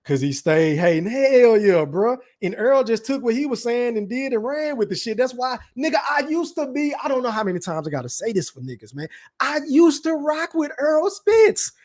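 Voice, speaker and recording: A man's voice: high voice, a little mellow. A young man from Dallas, hosting a casual live stream, reading chat comments aloud and ranting in profane slang. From Dallas, Texas.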